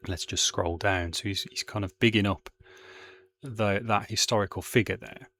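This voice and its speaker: A man's voice: on the low side, fairly even intonation, moderate pace, fairly bright tone, a little hiss or hum. A man with a Birmingham accent teaching a poem to students in a loose, conversational way, with many fillers and restarts. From England.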